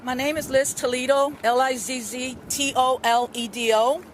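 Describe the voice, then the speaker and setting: A woman's voice: high-pitched, steady tone, normal speed. Earnest middle-aged woman giving witness testimony. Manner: earnest, rambling with many fillers. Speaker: witness at a press conference. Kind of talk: press conference statement. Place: outdoor street press conference. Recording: news camera outdoors, faint street noise.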